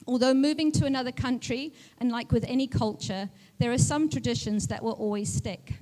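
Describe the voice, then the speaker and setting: A woman's voice: a little high, brisk, mellow. A woman raised in Central Africa with a mixed British, southern African and New Zealand accent, giving a chatty, self-deprecating speech at an event with a touch of put-on poshness. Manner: chatty, self-deprecating, mock-posh delivery. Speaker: guest speaker. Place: event hall with music. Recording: music playing faintly behind.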